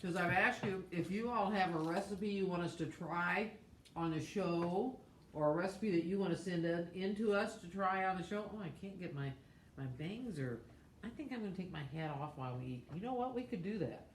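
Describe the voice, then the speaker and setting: With a fairly low voice at normal speed, this cooking-show co-host is chatty and effusive, oohing over each bite of food. Her casual talk rings through a spacious kitchen, with a slight hum in the background.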